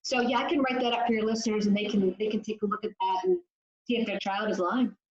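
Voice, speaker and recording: A woman's voice: mid-range voice, fairly even intonation, fast. A woman guest on a podcast, explaining addiction with confidence. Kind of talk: podcast interview. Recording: echoey room, dull lo-fi sound.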